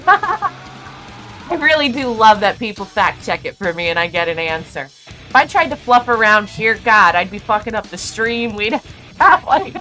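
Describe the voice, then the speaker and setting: A woman's voice: medium pitch, pushed and bright. A woman hosting a livestream and chatting casually, loose and profane, with plenty of "like" and "you know" and frequent laughter. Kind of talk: casual chat.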